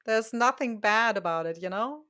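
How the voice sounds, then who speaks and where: Female interviewer, a touch high-pitched, encouraging, conversational. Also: expressive, fairly bright tone. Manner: encouraging, quick to laugh along. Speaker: podcast host. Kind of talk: casual interview.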